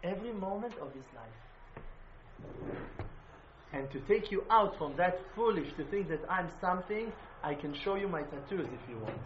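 Man, emphatic religious teacher; high-pitched, faint background noise on a muffled recording. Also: lively intonation, moderate pace. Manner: emphatic, swings from loud exclamations to quiet intensity. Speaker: Breslov Hasidic teacher. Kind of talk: impassioned religious talk.

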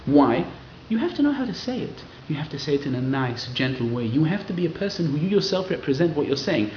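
A man giving a lively Torah class to a live audience, acting out quoted people in raised voices. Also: a little high, quick pace, a little hiss or hum. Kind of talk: lively sermon-style Torah lecture. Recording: roomy, slightly dull hall recording.

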